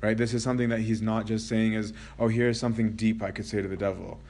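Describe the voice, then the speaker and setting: A man's voice: on the low side, flat delivery, quick pace, a little mellow. A man giving a Christian lecture, reading a passage aloud and then explaining it in a conversational way, often asking "right?".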